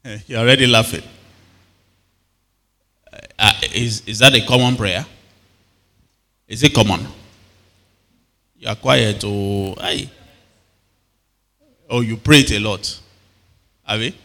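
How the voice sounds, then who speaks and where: Brief: Nigerian male pastor, bright forceful voice, engaging congregation with frequent questions, long hall reverb. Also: fairly low pitch, slow, pauses often. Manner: call-and-response questions to the congregation. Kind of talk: sermon.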